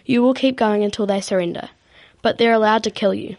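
A woman voicing a stern male Viking king who proclaims loudly in a storybook reading. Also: mid-range voice, steady tone, a little fast, no room sound, natural voice. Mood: commanding.

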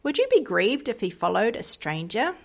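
A woman reading the lines of an earnest, pious lady who gently reproaches a stranger, with a slightly gravelly voice. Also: medium pitch, big pitch swings, moderate pace. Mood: coaxing.

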